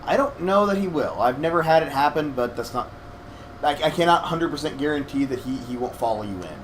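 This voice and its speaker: A man's voice: fairly high pitch, expressive, brisk. A young man with a slightly scratchy throat, casually explaining a video game to his partner in a hedging, self-deprecating way. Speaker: co-host gamer guiding his partner. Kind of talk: casual let's-play commentary.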